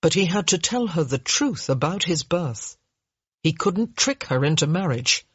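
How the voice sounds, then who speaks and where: A woman narrating an audiobook in a measured, steady reading manner. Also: deep voice, slightly rough, no room sound. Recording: dull lo-fi dry recording.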